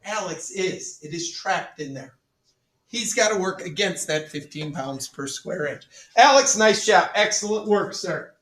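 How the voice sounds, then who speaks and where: A male chemistry teacher running a classroom demonstration, joking with students, repeating "all right" and calling the class ladies and gentlemen. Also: high-pitched, lively intonation, measured pace. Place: school classroom. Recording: echoey classroom from far off.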